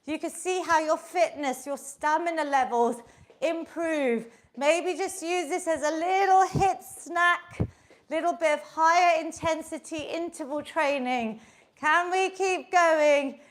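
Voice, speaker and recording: A woman leads a workout class in a high, bright-pitched voice, upbeat and encouraging as she counts down reps. She takes an unhurried, measured pace, with a slight breathlessness from moving along. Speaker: fitness instructor. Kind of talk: live online workout class instruction.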